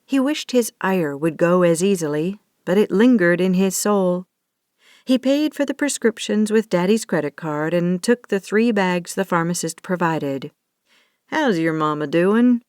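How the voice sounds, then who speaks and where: A woman reads an audiobook romance at a slow, measured pace. Her voice is even and steady. The recording is close and dry, with no room sound. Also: on the low side, no room sound. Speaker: audiobook narrator. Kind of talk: scripted narration.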